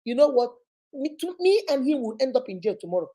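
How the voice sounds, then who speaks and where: Animated woman giving relationship advice. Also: high voice, fast. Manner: animated, preachy, acts out people in her stories. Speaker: relationship counselor. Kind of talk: storytelling advice talk.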